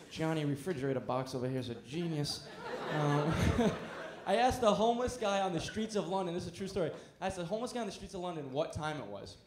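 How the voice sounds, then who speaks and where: Brash stand-up comedian in an echoey club. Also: male voice, high voice, sing-song, moderate pace, a crowd in the background. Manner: brash, punchy storytelling. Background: audience laughter.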